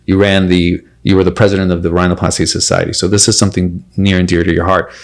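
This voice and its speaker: A man's voice: sits low, flat delivery, fast talker, gravelly. A man hosting a casual podcast interview, speaking earnestly and in a friendly way to a fellow surgeon. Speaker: podcast host, plastic surgeon.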